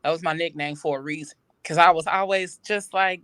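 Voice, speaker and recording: Woman guest chatting, playful and animated, dry close mic. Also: low-pitched, a little fast, clean tone, no echo. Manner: lively, joking, animated storyteller. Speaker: podcast guest. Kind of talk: casual chat.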